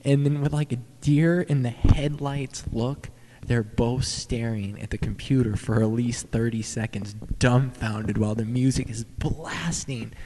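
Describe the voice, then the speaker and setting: A young man telling a rambling, profane story, excited and stumbling over his words. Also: medium pitch, unhurried, in a large hall, background noise. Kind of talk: casual profane anecdote.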